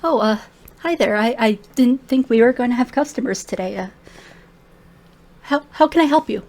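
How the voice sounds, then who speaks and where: A woman's voice: fairly high pitch, animated, moderate pace, a little mellow. A woman voicing a shy young male gnome shop clerk who stammers awkwardly.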